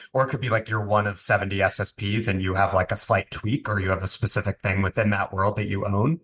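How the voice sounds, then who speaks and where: Bright-voiced man co-hosting a podcast. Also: on the low side. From Long Island, New York. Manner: wordy, thinks aloud with hedges and asides. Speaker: podcast co-host. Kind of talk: casual conversational podcast chat.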